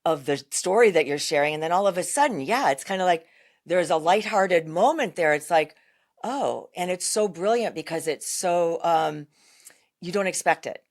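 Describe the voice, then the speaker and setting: A woman's voice: lowish voice, expressive, normal speed. A woman co-hosting a podcast, speaking earnestly and reflectively as she thinks aloud. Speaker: podcast co-host. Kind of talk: casual podcast conversation.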